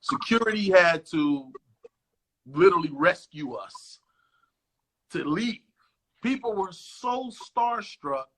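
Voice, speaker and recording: A man guest in a casual interview, telling stories in a profane, animated way and acting out what others said, over a phone video call. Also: high voice, slow pace, pauses often. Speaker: actor guest.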